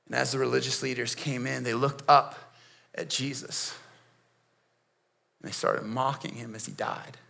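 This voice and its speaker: A man, a pastor, playing Barabbas in a dramatic first-person monologue, dropping to hushed near-whispers and rising to pleading outbursts, with sharp gasps between phrases. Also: medium pitch, fairly even intonation, moderate pace, vocal fry, long pauses. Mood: hushed, grim. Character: Barabbas, a grown man, haunted and shaken.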